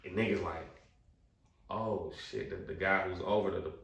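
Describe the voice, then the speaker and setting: Low, gravelly young man in a roomy room. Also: normal speed. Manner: slangy, loose and animated, leans on "you know what I'm saying". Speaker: podcast guest. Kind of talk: casual storytelling. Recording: roomy, distant-mic podcast recording.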